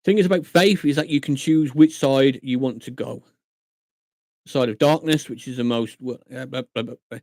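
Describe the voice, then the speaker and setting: Male streamer, casual storyteller, mid-pitched, dry close mic. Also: normal speed, no echo. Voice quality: chatty, animated storytelling with acted-out quotes. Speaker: live streamer. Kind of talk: casual live-stream chat. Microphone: desk mic at a computer monitor.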